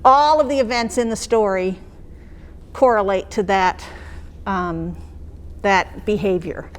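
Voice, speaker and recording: Speaking slowly at a medium pitch, a woman who trains teachers explains classroom phonics practice. She talks through how she'd mark phonics skills in a lesson, conversationally checking in with the teachers listening.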